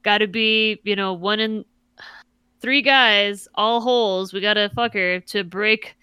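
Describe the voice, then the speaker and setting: Woman podcasting, chatty and sweary, smooth clear voice, dry close sound. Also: medium pitch, measured pace, dry recording. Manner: animated, profane, mocks characters in exaggerated voices. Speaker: podcast co-host. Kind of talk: casual chat.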